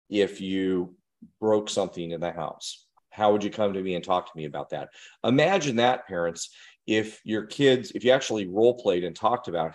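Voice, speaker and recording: A man giving an earnest, direct instructional talk to parents and educators, often putting questions to his listeners. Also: low-pitched.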